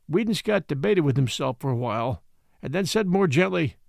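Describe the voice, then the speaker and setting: Guy reading an old adventure novel, measured, dry close sound. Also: on the high side, expressive, gravelly, a little mellow, dry recording. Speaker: audiobook reader. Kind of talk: classic novel narration.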